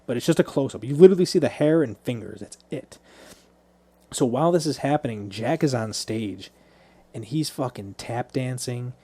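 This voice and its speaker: A man talks through a film plot on a podcast, chatty and peppered with swearing. His voice sits mid-range with a warm, mellow tone. The recording is dry and close. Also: medium pitch, animated, moderate pace, husky, dry recording. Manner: loose, profane storytelling. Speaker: podcast co-host. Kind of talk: casual movie recap.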